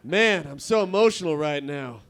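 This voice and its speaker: Young guy doing open mic standup, kinda high voice, crude rambling jokes, chats with the crowd. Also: lively intonation, moderate pace, fairly bright tone. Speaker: stand-up comedian.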